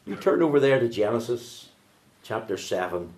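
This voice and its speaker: Fervent preacher. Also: male voice, sing-song, moderate pace, slight background noise. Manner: swings from loud fervent preaching to low hushed asides. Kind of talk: sermon.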